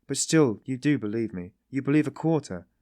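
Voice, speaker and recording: A man's voice: medium pitch, lively intonation, brisk, dark tone, no echo, studio quality, voice pushed up, natural voice. A man voicing a sly, genial detective who teases in a mocking, ironic way. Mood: teasing. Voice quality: tittering, mocking.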